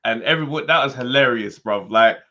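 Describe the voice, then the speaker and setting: A man, co-hosting a podcast, joking and animated in banter. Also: medium pitch, a little fast. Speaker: podcast co-host. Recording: dull lo-fi sound.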